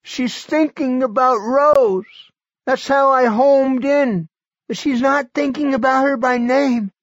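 A hoarse, feverish sick man. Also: slow pace, no echo, lo-fi sound. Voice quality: hoarse, clotted voice. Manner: high strained near-shouting.

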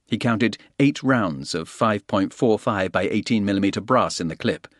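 Low-voiced man narrating a thriller. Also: no room sound, studio quality. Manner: steady, brisk action-thriller reading. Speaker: audiobook narrator. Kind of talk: scripted narration.

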